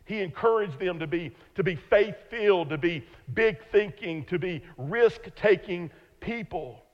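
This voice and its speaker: A man preaching a sermon from the pulpit, emphatic, repeating words and slowing down to stress key lines. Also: high voice, lively intonation. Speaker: pastor. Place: church sanctuary. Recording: muffled long church reverb.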